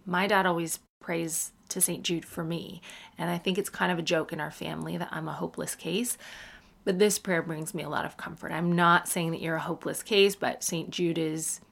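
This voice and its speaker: Gravelly-voiced woman podcast host. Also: fairly low pitch, steady tone, a bit bright. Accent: General American. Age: 30s. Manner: chatty, self-mocking, quick asides. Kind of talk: casual podcast chat.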